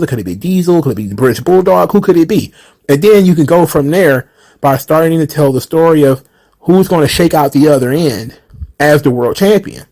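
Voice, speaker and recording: A man hosting a casual chat about wrestling, animated and quick to laugh, who asks lots of rhetorical questions. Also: fairly high pitch. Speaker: channel host answering viewer questions.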